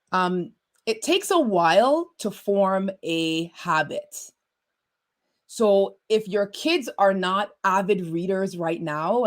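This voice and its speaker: A middle-aged woman hosting a parenting podcast in a chatty, casual way, often repeating words as she starts a thought. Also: lowish voice. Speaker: podcast host.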